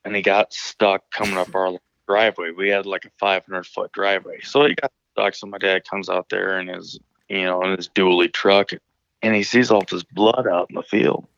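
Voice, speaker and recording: A man's voice: sits low, little pitch movement, normal speed, creaky, a bit bright, dull audio. A man from Illinois, calling in to a show, telling a story casually, rambling and swearing with many restarts. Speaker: caller telling stories.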